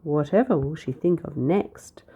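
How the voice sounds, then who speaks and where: A woman's voice: deep voice, expressive, measured pace, mellow, breathy edge, full character voice. A woman voicing the cross, tired townsfolk in a read-aloud storybook, sounding exasperated. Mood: weary. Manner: exasperated and breathless. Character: weary, cross crowd of townsfolk.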